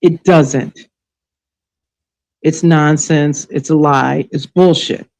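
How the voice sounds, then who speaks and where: A woman's voice: sits low, fairly even intonation, slow pace, darkish tone, poor audio. A woman hosting a live stream, delivering an angry, sarcastic, profanity-laced rant full of scolding rhetorical questions. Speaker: livestream show host. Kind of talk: ranting live commentary.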